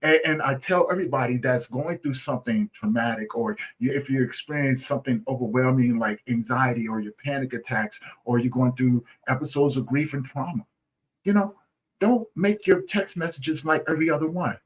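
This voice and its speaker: A man's voice: medium pitch, fairly quick, slightly rough, rough recording. A man speaking as a guest in a conversational interview, earnest, often asking "right?" and restarting his phrases.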